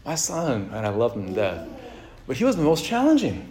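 A man preaching in a relaxed, conversational way, mixing jokes and asides to the crowd into his sermon. His voice has an ordinary middle pitch, and it rings in a roomy, echoing space like a church sanctuary. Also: brisk. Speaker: pastor. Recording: echoey room.

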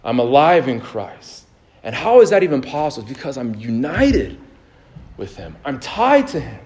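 A male pastor delivering a sermon, moving between fervent exhortation and calm storytelling, with frequent fillers and repeated words. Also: medium pitch, moderate pace. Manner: rising fervor, then a calm storytelling tone.

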